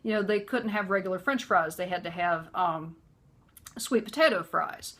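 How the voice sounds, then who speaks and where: A woman telling a personal story in an earnest, conversational way, filling pauses with "you know". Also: on the low side, fairly bright tone. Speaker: vlogger.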